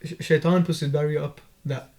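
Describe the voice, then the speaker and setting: A man hosting a podcast, his voice sitting a little high. He reasons aloud in a thoughtful, easygoing way. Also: steady tone, a little fast, a little mellow. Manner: reflective, answers with short religious interjections. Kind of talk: casual chat and reflection.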